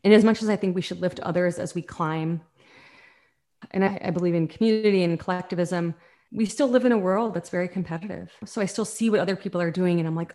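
A woman coach speaks in a fairly low voice. She talks in an earnest, reflective way. She sounds like a guest in an easygoing podcast conversation. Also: fast, warm tone.

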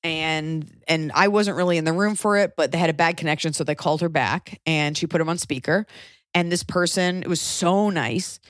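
A woman in her thirties tells a long story in casual conversation, acting out every voice and swearing when she gets heated. Her voice sits a little low. The sound is dry and close. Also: moderate pace, no room sound. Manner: animated, acts out quotes, swears when angry.

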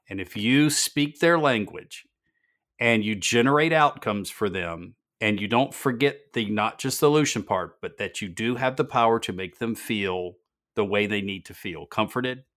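A man with a lowish, slightly bright voice hosts a business podcast. His stories come across as earnest, and he repeats words to drive points home.

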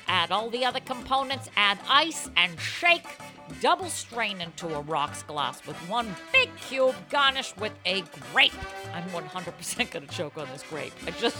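A woman hosting a cocktail show, reading tasting notes and bantering in a brash, wisecracking way. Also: mid-range voice. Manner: brash, wisecracking, bursts of laughter.

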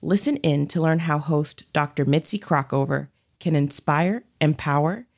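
A woman producer reading a scripted promo for a podcast network. Her voice is very low for a woman. She keeps the delivery even and measured. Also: gravelly.

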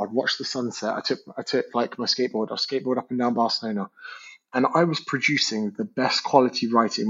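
A man's voice: mid-range voice, slightly rough. A man chatting casually as a guest, candid and swearing freely. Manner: candid, swears freely, acts out quoted people. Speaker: podcast guest. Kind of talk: casual conversation. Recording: dull lo-fi audio.

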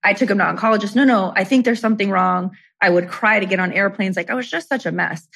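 A woman's voice: medium pitch, fast talker, gravelly, a bit bright. A middle-aged woman guest telling personal stories in casual conversation, chatty and full of "like" and "you know".

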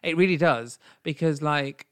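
A man co-hosting a casual podcast with his husband, talking in English, which is not his first language, in an animated, theatrical way that jumps into high squeals. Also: unhurried, smooth. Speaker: podcast co-host. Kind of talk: casual chat.

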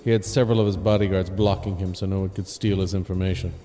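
A man narrating a comedic audio drama in a deadpan, crude manner. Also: sits low, fast talker, long reverb tail, soft background music. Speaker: narrator and lead performer.

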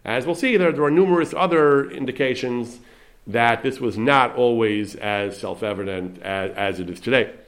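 A man's voice: mid-range voice, normal speed. A man giving a lecture on Jewish theology, thoughtful and quoting Hebrew, often restarting his sentences. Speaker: Torah teacher.

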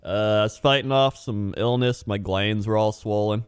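A man with a fairly low voice chats in an easygoing, rambling way, laughing often. The recording is dry and close. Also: moderate pace, smooth, dry recording. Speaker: podcast co-host. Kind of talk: casual comedic chat.

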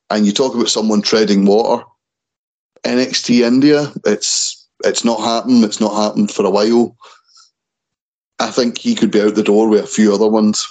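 Guy hosting a wrestling podcast, lowish voice, trips over names a lot. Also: darkish tone, poor audio. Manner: stumbles and repeats words on names. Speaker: podcast host. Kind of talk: casual wrestling chat.

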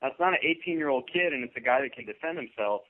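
A man's voice: medium pitch, expressive, quick pace. A man co-hosting sports radio, thinking aloud about coaching with frequent restarts. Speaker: radio co-host. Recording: tinny phone-like radio broadcast.

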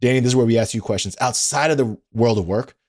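A man hosts a casual podcast interview with energetic enthusiasm. He talks in a loose, chatty way full of fillers and quick asides. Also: mid-range voice. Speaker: podcast host.

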